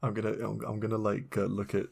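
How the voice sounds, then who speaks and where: A man's voice: on the low side, monotone, fast, creaky, darkish tone, slightly rough. A man playing a tabletop game, rambling through restarts as he describes his character's actions. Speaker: player. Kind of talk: tabletop role-play chat.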